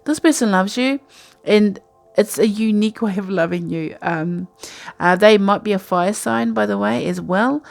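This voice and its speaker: Gravelly-voiced woman giving a tarot reading. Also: medium pitch, normal speed, hardly any pauses, soft background music. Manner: rambling, intuitive, chatty. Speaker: tarot reader. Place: home at night.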